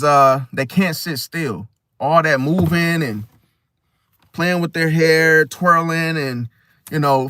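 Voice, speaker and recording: Male host, casual street-slang monologue, animated, slightly high pitch, dry recording. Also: no room sound. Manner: animated, acts out quoted people in high voices; slangy, addresses listener as bro. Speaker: astrology video host.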